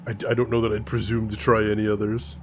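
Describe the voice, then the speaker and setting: A man giving casual, excitable commentary while playing a video game. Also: on the low side, fast, noisy background. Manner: excitable, jumpy exclamations. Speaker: gaming streamer. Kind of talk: casual let's-play commentary.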